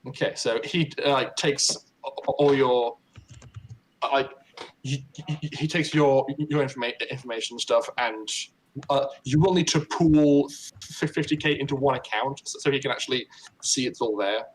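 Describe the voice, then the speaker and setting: A man's voice: medium pitch, moderate pace, slight background noise, poor audio. A man narrating as game master of a tabletop game, stammering and restarting often. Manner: stammering, many repeated starts.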